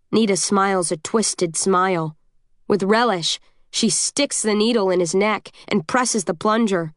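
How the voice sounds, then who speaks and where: Woman reading a first-person audiobook, steady and tense, dry close sound. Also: mid-range voice, a little slow, dry recording. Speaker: audiobook narrator.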